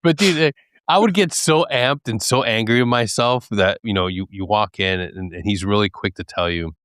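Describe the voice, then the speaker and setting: A man's voice: on the low side, normal speed, a bit bright, no room sound. A man in casual podcast conversation, telling stories earnestly and candidly. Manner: earnest, candid storytelling with acted quotes and laughs.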